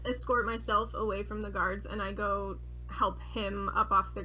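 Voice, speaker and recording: A woman player calmly describing what her character does in a tabletop game. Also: mid-range voice, normal speed, faint music behind, poor audio.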